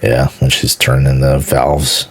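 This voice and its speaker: A deep-voiced man from Houston, Texas, talks through a game trailer as a streamer, eager and rambling, tripping over repeated words and swearing casually. His voice has a husky, grainy edge and sits close and dry with no room sound. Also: level tone, measured pace, dry recording. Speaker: gaming streamer. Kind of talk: casual trailer reaction commentary.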